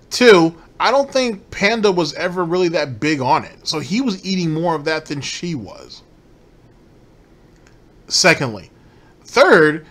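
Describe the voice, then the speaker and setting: A man's voice: on the high side, fairly bright tone. A man hosting a commentary show, ranting profanely and incredulously about a streamer's clips. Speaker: commentary host.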